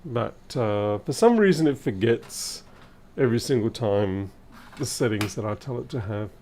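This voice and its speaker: A man thinking aloud in casual live-stream commentary as he repairs electronics, his voice a little hoarse and wavering. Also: medium pitch, animated, normal speed, mellow, slight background noise. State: slightly hoarse. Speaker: repair technician livestreaming.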